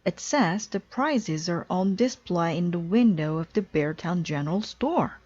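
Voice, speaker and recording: Eager little boy bear cub, a woman reading him, slowish, muffled sound. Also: on the low side, lively intonation, darkish tone, breathy edge. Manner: eager, insistent.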